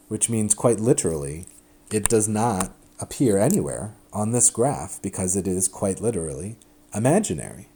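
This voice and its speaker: A man giving a recorded math lecture at a board, chatty and animated, often breaking off and restarting his sentences. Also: lowish voice, moderate pace, slightly rough. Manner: chatty, self-interrupting, animated explanations.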